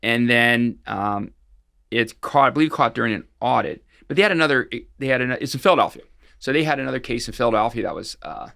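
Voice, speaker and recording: A man's voice: mid-range voice, creaky, bright, forceful tone, no echo, studio quality. A middle-aged man, a guest expert on financial fraud, recounting cases in a casual interview, rambling along with frequent restarts and fillers.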